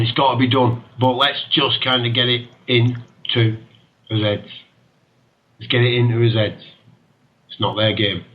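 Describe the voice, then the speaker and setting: A man's voice: mid-range voice, lo-fi sound. A man hosting an internet radio show, talking with passion, ranting and laughing often. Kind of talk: impassioned talk radio monologue.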